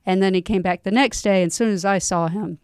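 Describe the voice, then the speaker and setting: Very clear-voiced chatty woman. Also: medium pitch, fairly even intonation, a little mellow, no room sound, clean studio sound. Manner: chatty, quick to chime in with agreement. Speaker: poll watcher recounting experiences. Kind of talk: casual storytelling chat.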